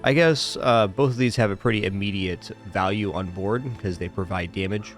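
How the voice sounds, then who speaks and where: A man streaming a game, giving casual commentary and weighing his choices out loud. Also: fairly low pitch, fairly even intonation, normal speed, soft background music. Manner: thinks aloud, weighing choices.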